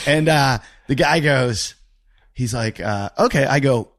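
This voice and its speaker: A man's voice: medium pitch, a little slow. Laughing man telling rambling stories. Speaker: podcast host. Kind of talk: casual interview chat.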